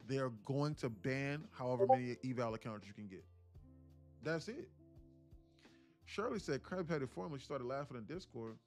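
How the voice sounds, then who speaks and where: A man coaching viewers on a live stream about trading. He talks bluntly, swears casually and keeps calling out to his audience. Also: medium pitch.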